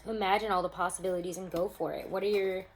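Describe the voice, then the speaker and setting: A woman's voice: lowish voice, steady tone, quick pace, a little hiss or hum, poor audio. A young woman giving a casual, upbeat tarot reading to camera at home, speaking straight to her viewers. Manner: chatty, upbeat, addresses viewers as guys. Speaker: tarot reader. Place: home room.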